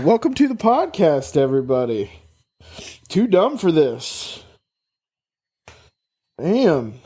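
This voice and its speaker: A man's voice: a little high, darkish tone, husky. A man co-hosting a podcast in casual chat, congested with a cold, joking and teasing and laughing often. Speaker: podcast co-host.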